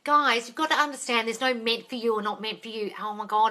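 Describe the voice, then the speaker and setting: A woman in her forties answering viewers' questions on a phone livestream at home, blunt and exasperated, swearing and often shouting. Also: fairly high pitch, fast talker, hardly any pauses. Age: 40s. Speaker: manifesting coach answering live questions.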